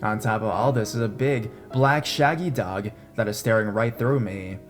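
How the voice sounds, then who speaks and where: A young adult man narrating a horror story in a measured, tense manner. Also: on the low side, fairly even intonation. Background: faint guitar music.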